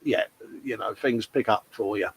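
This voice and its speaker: A man's voice: fairly low pitch, moderate pace, slightly rough, low-quality recording. Chatty man reading comments. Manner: chatty, calls everyone mate. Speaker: livestream co-host. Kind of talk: casual chat reading viewer comments.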